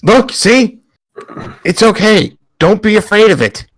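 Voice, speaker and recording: A man's voice: high voice, lively intonation, measured pace, voice pushed up, low-quality recording. A man voicing a brave, cheerful otter hero who cheers a friend on in a tabletop game. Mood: reassuring. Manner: peppy, cheering.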